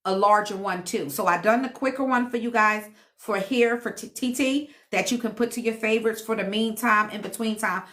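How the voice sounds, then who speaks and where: A woman's voice: a little high, fairly bright tone. A woman hosting a casual live stream at home, a self-described healer and teacher who reads comments, laughs often and talks to viewers in a sassy, playful way.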